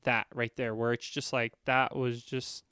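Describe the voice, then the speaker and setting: Smooth-voiced rambling podcast guy. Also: mid-range voice, flat delivery, unhurried, pushed and bright, no echo, studio quality. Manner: rambling, repeats "like". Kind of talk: casual chat.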